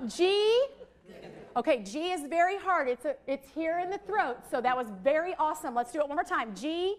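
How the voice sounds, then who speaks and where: A woman with a high voice leads a literacy workshop for teachers. She is middle-aged and lively as she models letter sounds for the room. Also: quick pace. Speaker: literacy trainer.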